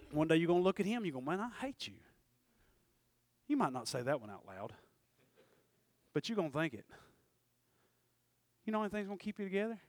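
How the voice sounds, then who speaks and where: A man preaching a sermon in church, talking in quick asides and rising to sudden shouted peaks. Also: fairly high pitch. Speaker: pastor.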